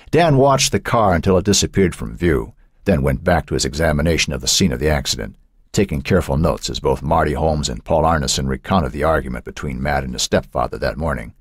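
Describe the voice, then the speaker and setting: A man narrating an audiobook in an expressive, suspenseful storytelling manner. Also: very deep voice, fairly quick, breathy edge, no room sound, clean studio sound.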